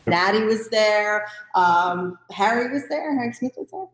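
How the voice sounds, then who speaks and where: A woman's voice: medium pitch, lively intonation, unhurried. A woman hosting an interview who chats casually and asks long, rambling questions. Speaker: podcast host. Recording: roomy echo.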